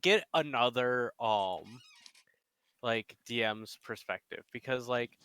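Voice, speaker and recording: A male co-host in a casual chat, hesitant and full of fillers. His voice is bright and smooth, dry on a close mic. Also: mid-range voice, slow pace, no echo. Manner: relaxed, hesitant with many fillers. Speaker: podcast co-host, dungeon master.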